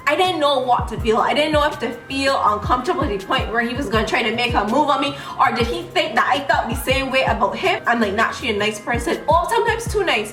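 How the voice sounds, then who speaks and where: A woman in her twenties telling a story casually in an animated, chatty vlog, doing makeup as she talks. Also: sits high. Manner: applying makeup while talking. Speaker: beauty vlogger. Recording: roomy room with background music.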